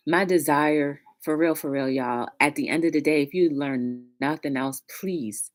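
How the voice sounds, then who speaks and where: A woman's voice: sits low, moderate pace, few pauses. Chatty woman hosting a livestream. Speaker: livestream talk show host. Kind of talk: casual livestream chat.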